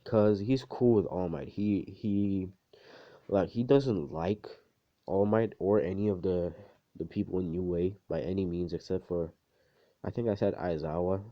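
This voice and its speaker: Low-voiced young man rambling a fan story. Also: fairly even intonation, unhurried. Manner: rambling, profane, filler-heavy slang. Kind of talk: casual improvised fan story. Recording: dull lo-fi home recording.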